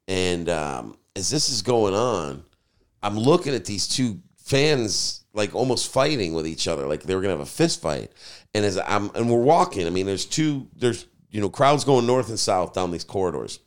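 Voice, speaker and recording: A man, a podcast host and DJ, telling a story in casual chat, animated and swearing freely. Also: lowish voice, moderate pace.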